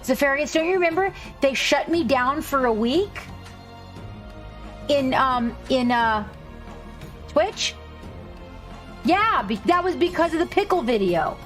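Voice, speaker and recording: A woman's voice: high voice, lively intonation, unhurried, long pauses, fairly bright tone, faint music behind. A woman from Hawaii chatting casually with her stream viewers while she paints, rambling, swearing and joking.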